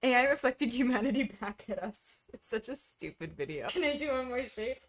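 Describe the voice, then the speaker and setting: A woman's voice: a little fast, a little hiss or hum. A young woman streaming, chatting casually with her viewers, reading their messages aloud and laughing often. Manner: chatty, reads chat aloud, laughs often, lively pitch swings. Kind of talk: casual chat with live chat.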